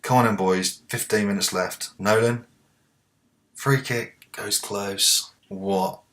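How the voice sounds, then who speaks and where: Low-voiced male gamer, narrates the match play by play and yells at his team. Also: slow. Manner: talks to the players, swings from muttering to excited shouts. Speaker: let's play host. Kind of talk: live game commentary.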